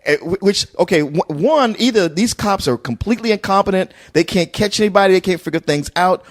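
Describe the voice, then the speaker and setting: A man's voice: high-pitched, fairly quick. A man casually reviewing a movie on a podcast, acting out his reactions as he tells them. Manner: storytelling, acts out his own reactions in quotes.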